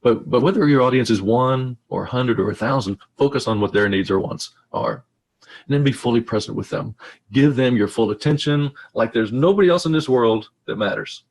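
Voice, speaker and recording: A man's voice: mid-range voice, fairly quick, vocal fry. A man giving a conversational webinar presentation over a video call, often repeating and restarting his words. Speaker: speaker.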